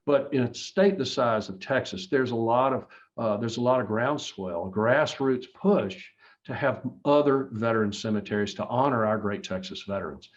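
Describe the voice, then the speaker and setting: A man's voice: medium pitch, normal speed, lo-fi sound. A man running for office, answering interview questions in an earnest, emphatic way with frequent restarts. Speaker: political candidate.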